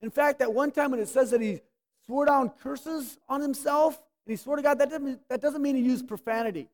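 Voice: sits high, fairly quick. A preacher delivering a sermon, emphatic, drawing words out and pressing the listeners with rhetorical questions.

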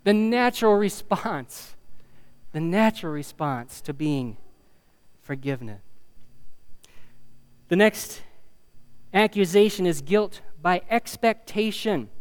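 A man preaching a sermon in a conversational way, with fillers and asides, reading scripture and swelling louder on key phrases. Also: fairly high pitch, lively intonation, slow pace, pauses often, clean tone.

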